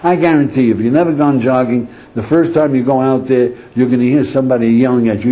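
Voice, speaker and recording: A man's voice: mid-range voice, moderate pace, dark tone, rough recording. A man giving a rabbi's lecture, telling stories with animation, acting out inner voices and chuckling often. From Israel. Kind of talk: Torah lecture to an audience.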